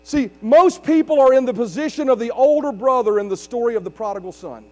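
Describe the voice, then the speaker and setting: A pastor preaches a sermon with rising emphasis, driving home points and calling out questions to the congregation. His very high, darkish voice moves a little fast with lively intonation. A large hall's long reverb and mains hum fill the recording.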